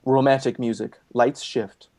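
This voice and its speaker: A reader calmly reading out stage directions over a video call in a play reading. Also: mid-range voice, unhurried.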